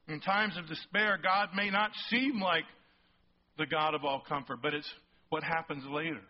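A male pastor preaching a sermon, emphatic and rising toward near-shouts on key points, often checking in with the congregation. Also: on the high side, steady tone, normal speed. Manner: asks the congregation frequent check-in questions. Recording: slightly muffled sermon recording.

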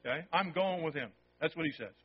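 The sermon comes from a pastor whose fairly high, slightly rough voice moves fast. He's conversational and emphatic, often checking in with "okay?", and the audio sounds dull and lo-fi.

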